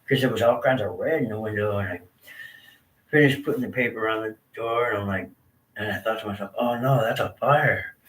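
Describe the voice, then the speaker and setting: A low-voiced man rambles through his story in a laid-back, slangy way. He sits back from the microphone in a roomy space, with faint ambience behind him. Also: fairly quick, a bit bright, recorded from a distance. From Southern California. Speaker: storyteller sharing his life. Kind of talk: casual personal storytelling.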